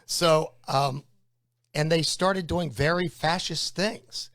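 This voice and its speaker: A man's voice: on the high side, slow, a bit bright, dry recording, clean studio sound. A man co-hosting a talk show, laid-back in casual chat.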